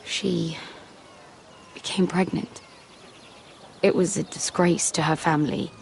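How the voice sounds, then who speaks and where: Quiet earnest young handmaiden, lowish voice, soft music under it. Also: female voice, steady tone, slow, gravelly, slight background noise. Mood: confiding. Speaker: game character. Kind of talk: voiced video game dialogue.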